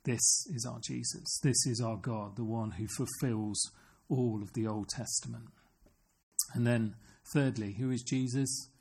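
Gravelly-voiced man preaching a sermon. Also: mid-range voice, fairly even intonation, measured pace, darkish tone. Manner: earnest, asks the congregation questions.

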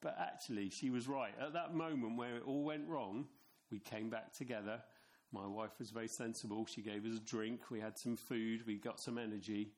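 A middle-aged man preaching a sermon, telling stories from his own life in a relaxed, chatty way. He turns to his listeners with asides and small questions. His voice sits at an ordinary male pitch. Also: normal speed. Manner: conversational, anecdotal, with asides to the congregation.

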